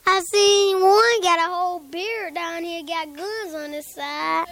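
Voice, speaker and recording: Very high-pitched child telling a spooky story. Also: female voice, steady tone, slow, a bit bright, slight background noise. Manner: rambling, breathless, Southern-style storytelling with sound effects and laughs. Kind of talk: spooky story told aloud.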